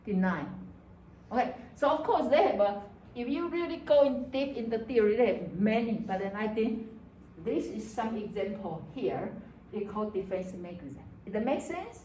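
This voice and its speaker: Animated woman lecturing in an echoey classroom. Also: fairly high pitch, moderate pace, distant mic, slight background noise. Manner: animated, acts out student voices, frequent "okay" and "right". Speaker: psychology lecturer.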